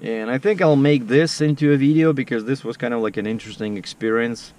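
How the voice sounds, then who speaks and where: A man's voice: medium pitch, brisk, darkish tone. A man vlogging casually outdoors, telling a story to the camera in a chatty, filler-heavy way. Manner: chatty, filler-heavy, acts out the other people's lines in dialogue.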